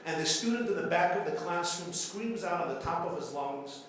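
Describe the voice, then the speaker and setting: A man's voice: high voice, lively intonation, moderate pace. A man, a rabbi, giving an after-dinner keynote speech, telling jokes and repeating phrases for dramatic effect. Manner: storytelling with jokes and dramatic repetition. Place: large banquet hall. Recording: very echoey hall with faint room noise.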